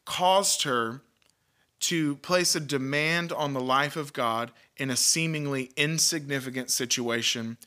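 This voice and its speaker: A man hosts a devotional podcast, his voice bright and forceful. He talks earnestly and with emphasis, often doubling words and restarting his sentences. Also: medium pitch, unhurried, smooth. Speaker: podcast host, Christian teacher.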